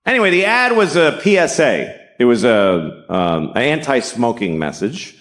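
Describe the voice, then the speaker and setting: A man's voice: medium pitch, very animated, moderate pace, a bit bright. A middle-aged man doing stand-up comedy in a sarcastic, profane way, slipping into mocking voices.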